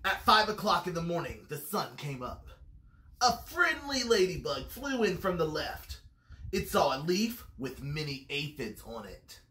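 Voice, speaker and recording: A reader telling a picture-book story aloud to children with animated, expressive delivery. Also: mid-range voice. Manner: animated storytelling with lively swings. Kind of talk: expressive read-aloud for kids. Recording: roomy echo.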